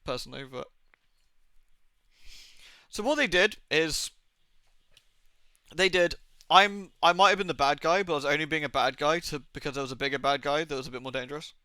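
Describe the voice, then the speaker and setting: A young male streamer talks in a casual, rambling way, cracking jokes and tossing in quick goofy voices. His tone is bright and a touch high, and the sound is close and dry with no room around it. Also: clean tone, no echo. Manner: rambling, jokey, swears, acts out quick silly impressions. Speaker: game streamer. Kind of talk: casual live-stream chat.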